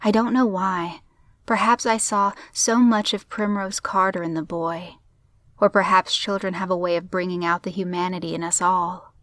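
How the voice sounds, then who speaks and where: A woman narrating a crime story in a steady, measured audiobook reading. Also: lowish voice, no room sound.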